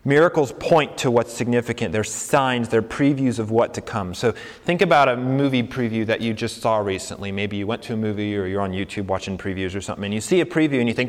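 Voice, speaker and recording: A man's voice: lowish voice, fast, hardly any pauses. A man preaching a sermon as pastor, earnest and conversational. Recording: long hall reverb.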